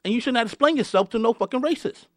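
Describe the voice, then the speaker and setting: A man's voice: very high voice, expressive, racing, a bit bright, no echo, clean studio sound. A man hosting a podcast, delivering a fired-up rant and often repeating and restarting his words. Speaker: podcast host.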